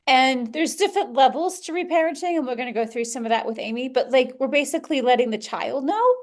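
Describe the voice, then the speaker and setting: Candid, animated woman podcaster. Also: high voice, fast talker, hardly any pauses. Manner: candid, animated, swears and laughs freely. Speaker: podcast host. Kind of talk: personal podcast talk.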